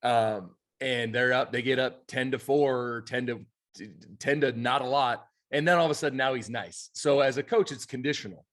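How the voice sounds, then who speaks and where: A man who coaches youth baseball and co-hosts the podcast, telling stories in an animated, emphatic way. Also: medium pitch, moderate pace. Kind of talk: casual chat.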